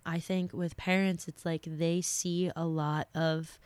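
A fairly low-pitched young woman speaks slowly with a flat delivery and a slightly mellow tone on a dry recording. Hosting a podcast while a little sick, she talks through listener questions in casual, earnest, filler-laden advice.

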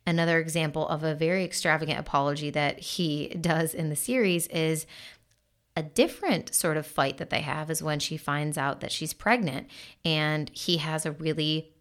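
A woman's voice: low voice, fairly even intonation, moderate pace. A woman commenting casually on relationships, chatty, with lots of "like" and "you know".

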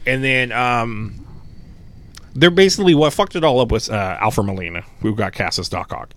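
A man co-hosting a podcast, rambling in casual, animated chat and swearing freely. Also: medium pitch, moderate pace, dry recording. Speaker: podcast co-host.

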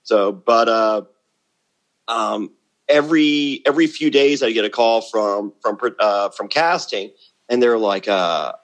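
Speaking slowly in a lowish, slightly bright voice, a middle-aged former reality show contestant sits in as a podcast guest for a casual interview chat. He's blunt and boastful and tends to repeat words when launching into a thought.

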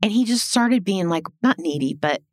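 A middle-aged woman from Illinois tells her life story as a podcast guest in a casual storytelling interview. She's animated and blunt, swearing and acting out quoted dialogue, with a medium-pitched voice at normal speed. The sound is clean studio audio with no echo.

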